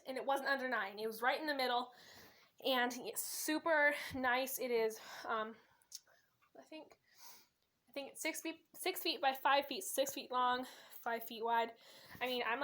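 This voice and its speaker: Woman vlogger, bright ringing tone, rambling casual room-tour chat into her phone. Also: sits high. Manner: chatty and rambling, many fillers and self-corrections. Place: bedroom. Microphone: phone camera.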